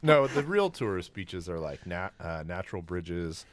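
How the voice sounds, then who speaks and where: Male guest, deep and wry, casual podcast chat. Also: sing-song, moderate pace, background noise. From Santa Cruz area, California. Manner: wry, joking. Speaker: guest musician.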